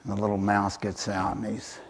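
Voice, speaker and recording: A man's voice: lowish voice, monotone, fairly quick. A man telling an animal folk tale in a talk, hesitant and full of fillers. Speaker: author and speaker.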